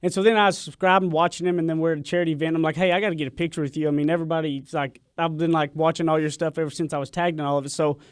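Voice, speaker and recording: A fairly high male voice with a Southern accent rattles through a story, quick and eager, laughing along the way. The studio sound is dry and close. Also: steady tone, smooth, dry recording. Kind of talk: casual radio chat. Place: radio studio.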